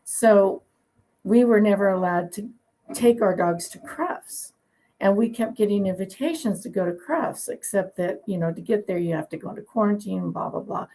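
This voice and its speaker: A woman dog breeder tells her stories in a relaxed, opinionated interview. Her voice is gravelly and husky, with a grainy, rough texture. She talks in a chatty way and laughs easily. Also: mid-range voice, moderate pace, rough recording. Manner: chatty, opinionated, laughs while telling anecdotes. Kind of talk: conversational interview storytelling.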